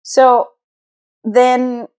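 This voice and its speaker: A woman's voice: on the high side, flat delivery, extremely slow, a little mellow, clear, resonant tone. A young woman co-hosting a podcast, talking in a rambling, hesitant way with lots of fillers. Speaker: podcast co-host. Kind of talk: casual chat.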